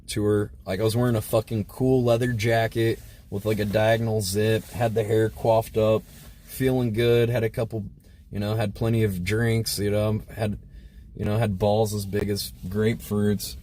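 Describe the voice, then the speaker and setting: A livestream host with a lowish, slightly mellow voice tells his live chat a crude story. He rambles casually and fills it with lots of filler words.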